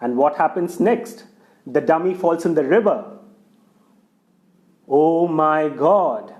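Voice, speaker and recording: A man's voice: on the high side, slow pace, muffled recording. A man telling a folk tale aloud, speaking straight to his listeners. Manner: lively, addresses the listener directly. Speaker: storyteller. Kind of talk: oral folk storytelling.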